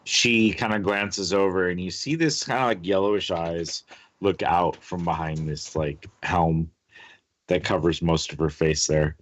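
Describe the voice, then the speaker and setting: A man narrating as game master of a tabletop game, describing scenes in a halting way with many fillers. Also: low voice.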